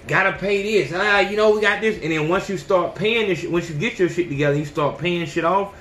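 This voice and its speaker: A man's voice: sits high, a little fast, a bit bright, reverberant, a little hiss or hum. A man in his thirties hosting a podcast, talking bluntly and profanely in a casual, preachy monologue. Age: 30s. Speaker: podcast host.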